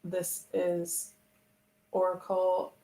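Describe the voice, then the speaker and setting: Woman, tarot stream host; low, gravelly, loose and chatty. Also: completely flat delivery, extremely slow, mellow. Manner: chatty, rambling, laughs often. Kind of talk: casual live-stream chat.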